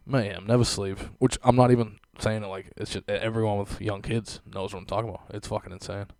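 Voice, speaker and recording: A man's voice: on the low side, steady tone, fast, vocal fry, a little mellow, no room sound. Profane laughing man ranting. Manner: profane, laughing, sarcastic rant. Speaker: podcast host. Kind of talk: casual podcast monologue.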